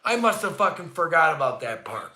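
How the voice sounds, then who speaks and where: A man hosting a casual livestream from his home, ranting with heavy swearing and swinging from low grumbles to shouts. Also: very animated, a little fast. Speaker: livestream host. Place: indoor room at home, not the barn. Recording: echoey room.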